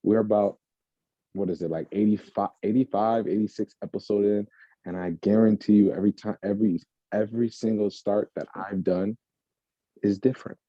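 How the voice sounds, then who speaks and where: A man's voice: on the low side, steady tone, dry recording. Playful man with a dull, lo-fi sound. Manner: playful, breaks into slow crooning. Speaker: podcast co-host. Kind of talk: casual chat, joking and singing.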